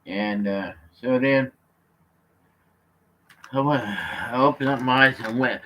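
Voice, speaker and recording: A man from California on a live vlog, chatting from his chair at home in a slow, rambling way, full of fillers and restarts. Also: medium pitch, sharp tone. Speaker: vlogger. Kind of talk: rambling live-stream chat. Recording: slightly muffled lo-fi audio.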